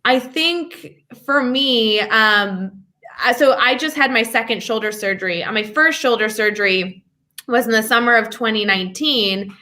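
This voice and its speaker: A young adult woman talking as a podcast guest, an educator telling stories in an energetic, upbeat way. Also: on the high side. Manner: energetic, upbeat storyteller with quick asides. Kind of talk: casual interview chat.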